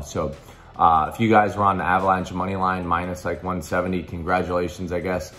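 Deep-voiced hyped man pitching bets. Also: level tone, fairly quick, fairly bright tone, soft background music. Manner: hyped salesman talk with fillers and restarts. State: slightly hoarse. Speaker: sports betting tipster. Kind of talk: casual promotional pitch.

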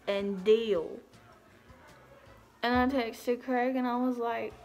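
A young woman with a thick Southern country accent talks in a relaxed, drawling, chatty way. She takes her time, with unhurried pauses, as she tells a story at home. Faint music plays softly behind her. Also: medium pitch, vocal fry. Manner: chatty, drawling, self-deprecating. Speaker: vlogger. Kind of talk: casual chat.

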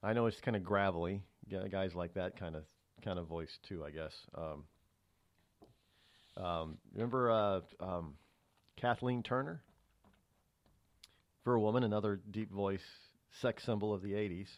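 A man's voice: sits low, a little slow, pauses often, no room sound. A male radio talk show host talking alone on air, rambling with many fillers and restarts. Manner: grows heated and emphatic on politics. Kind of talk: solo talk radio commentary.

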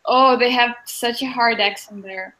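A high-voiced woman speaking slowly on a video call as she teaches an online language lesson. She is patient and encouraging, taking her time over each step. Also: steady tone, pushed and bright, low-quality recording.

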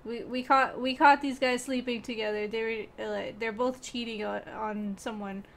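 A woman's voice: a little high, steady tone, moderate pace, vocal fry. A young woman streaming a game, chatting playfully with teammates and chat and often breaking into giggles. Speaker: gaming streamer. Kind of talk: casual gameplay commentary.

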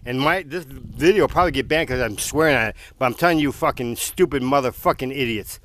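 A man's voice: medium pitch, fast talker, fairly bright tone. Furious, profane man ranting outdoors. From United States. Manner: furious, profane, sneering mockery. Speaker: vlogger. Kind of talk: angry outdoor rant to camera. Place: outdoors in strong wind.

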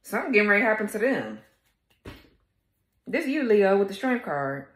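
A woman's voice: medium pitch, very animated, moderate pace, a bit bright, roomy sound. Blunt, profane woman reading tarot. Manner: talks straight to viewers, laughing at times. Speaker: tarot reader. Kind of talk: casual tarot reading to viewers.

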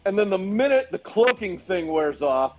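A man's voice: high voice, big pitch swings, normal speed, highs cut off. A man co-hosting a casual movie chat, cracking crude jokes in a wisecracking manner. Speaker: co-host.

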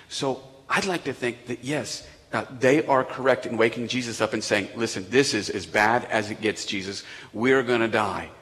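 A male pastor preaching in a large church sanctuary, his voice trailing off into a long hall echo. He tells the story with flair, swinging from loud emphasis down to hushed near-whispers. His voice sits at a middle pitch. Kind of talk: sermon.

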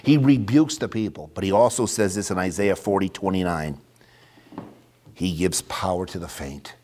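A man preaching a sermon, reading scripture aloud and swinging between loud emphatic declaration and hushed, near-whispered asides. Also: low voice, normal speed.

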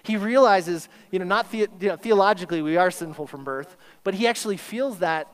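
A man's voice: sits high, fairly quick, few pauses, smooth. A man preaching a sermon at a school chapel service, emphatic, with rhetorical questions and acted-out inner voices. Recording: long hall reverb.

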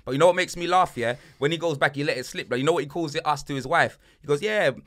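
A man's voice: a little high, very fast. A young man, hosting a podcast and telling a holiday story in casual, slang-heavy chat, acting out other people's voices. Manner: animated, slang-heavy, acts out voices in his stories. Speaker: podcast host.

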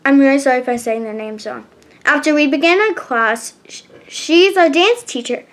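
A woman reading a chapter book aloud, halting and often restarting words. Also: high voice, a bit bright. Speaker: storybook reader.

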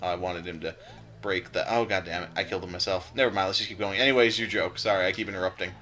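A man's voice: low voice, fairly even intonation, fast talker, sharp tone. A man co-hosting a let's play, laughing a lot and coaching his partner through the level. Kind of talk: casual gaming banter.

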